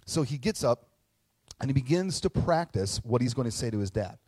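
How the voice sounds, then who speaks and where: A man preaching in a casual, animated way, often checking in with tag questions. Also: mid-range voice, normal speed, dry recording. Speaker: pastor. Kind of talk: conversational sermon.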